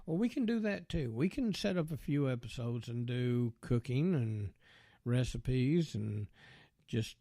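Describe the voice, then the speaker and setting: A man's voice: medium pitch, animated, unhurried, mellow, no room sound, studio quality. A man hosting a podcast, talking in a rambling, folksy way with lots of fillers and asides. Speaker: podcast host. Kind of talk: casual monologue.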